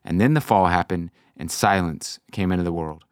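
Low-voiced man telling Bible stories. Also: moderate pace, clean tone, dry recording, clean studio sound. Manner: animated storyteller, acts out quotes in high voices. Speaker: podcast host. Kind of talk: casual chat about faith.

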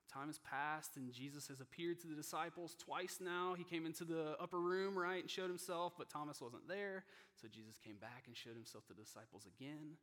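A man preaching a heartfelt sermon, his voice sitting a little high for a man. He is moved close to tears and often drops to a hushed near-whisper. The sound carries a long reverb from the church hall around him. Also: brisk, hardly any pauses. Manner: earnest and personal, drops to a hushed near-whisper for emotional moments. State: emotional, choking up. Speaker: pastor. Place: church sanctuary.

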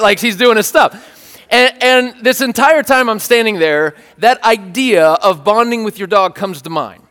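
A man's voice: high voice, in a large hall. A man preaching a sermon, telling a story in a playful, joking way and checking in with his listeners. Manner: animated, playful, joking with the congregation. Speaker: pastor.

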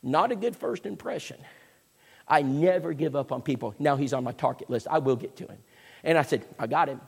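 A man, preaching a sermon as a folksy, animated storyteller. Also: fairly high pitch, fairly quick, gravelly, husky. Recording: echoey hall with long reverb.

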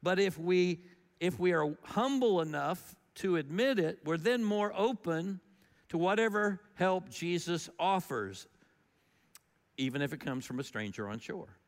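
Man, pastor, conversational storytelling sermon, somewhat high voice, long echoing reverb. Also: a little slow. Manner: conversational, animated storytelling with shifts in loudness.

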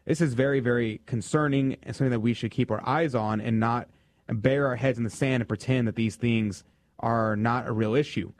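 A man's voice: mid-range voice, fairly even intonation, brisk, dry recording. Male radio host in mid register, dry close studio sound; loose, chatty delivery with frequent restarts. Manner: loose, conversational, many fillers and restarts. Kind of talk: casual radio talk.

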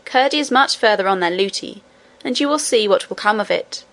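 A woman reading aloud, voicing an old grandmother who speaks calmly and gently. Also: medium pitch, a little fast. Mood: gentle.

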